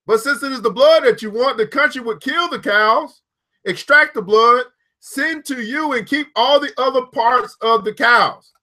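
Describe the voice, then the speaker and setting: Man, very high voice, bright and forceful, reads a book aloud, excitable, breaks into whoops. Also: normal speed. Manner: excitable, bursts into whoops and laughter. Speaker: book reader and host. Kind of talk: reading a book aloud with commentary.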